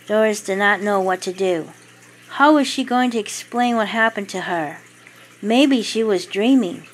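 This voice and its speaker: Woman storyteller, author reading her own tale, slow and even, mid-pitched. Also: low-quality recording. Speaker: author and narrator. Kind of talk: storybook narration.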